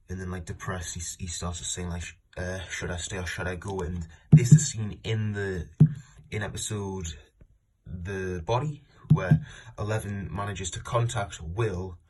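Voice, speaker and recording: A man's voice: low voice, darkish tone, husky. A man retelling a comic story in a casual spoken review, rambling with many "like" and "and then" restarts. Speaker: fan forum moderator reviewing comics.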